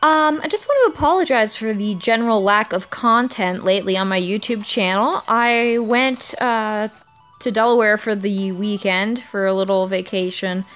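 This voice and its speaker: A woman's voice: mid-range voice, normal speed, fairly bright tone, faint music behind. A young woman with a congested, stuffy voice from a cold, hosting her own channel and chatting casually as she explains a game's mechanics. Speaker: YouTube gaming channel host. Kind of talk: casual gacha-game commentary.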